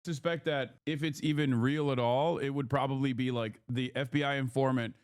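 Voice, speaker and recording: A man's voice: mid-range voice, fairly even intonation, moderate pace, clean tone. A man in a casual stream chat, giving political commentary in a rambling, sarcastic way with lots of fillers. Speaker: stream guest.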